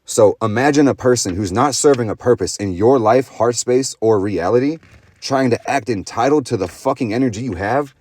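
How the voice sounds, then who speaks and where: A man's voice: medium pitch, moderate pace, a little mellow. A young man in a profane, intense motivational astrology monologue, full of slang and swearing. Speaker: astrology vlogger.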